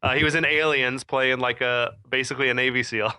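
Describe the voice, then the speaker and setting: A man's voice: mid-range voice, fairly even intonation, a little fast, bright, forceful tone, clear, resonant tone, no echo, studio quality. A man co-hosting a podcast in casual chat, talking freely with many fillers and frequent laughs. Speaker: podcast co-host.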